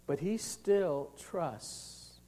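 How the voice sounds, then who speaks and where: Guy preaching a sermon, pretty high voice, reads the verses slow then explains, gets real loud then drops to a whisper. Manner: expository preaching, reads scripture slowly and explains plainly; dynamic delivery, swings between loud emphasis and hushed near-whispers. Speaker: pastor.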